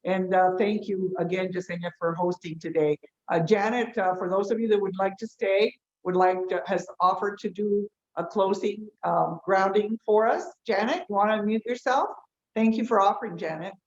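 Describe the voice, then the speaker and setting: A woman's voice: medium pitch, normal speed, a little mellow. A woman hosting a community call, making loose, affectionate announcements with many fillers over a video call. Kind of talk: casual group announcements. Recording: dull lo-fi video call audio.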